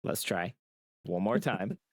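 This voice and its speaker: A man's voice: deep voice, lively intonation, takes it slowly, darkish tone. A man co-hosting a podcast in casual chat over a remote call, joking and playfully stubborn. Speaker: podcast co-host. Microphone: remote call mic.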